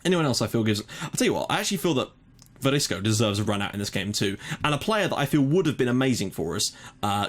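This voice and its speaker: A young man casually commentating his own football management game, chatty, with frequent fillers and mock match calls. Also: medium pitch. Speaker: gaming YouTuber. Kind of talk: casual let's-play commentary.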